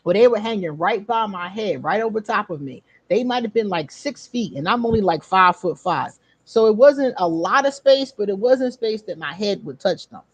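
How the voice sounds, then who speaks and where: Woman, channel host, casual storytelling, bouncy pitch, dry close sound, laughs a lot. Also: moderate pace, few pauses, breathy edge, dry recording. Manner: animated, laughing often, swearing freely; talks straight to viewers.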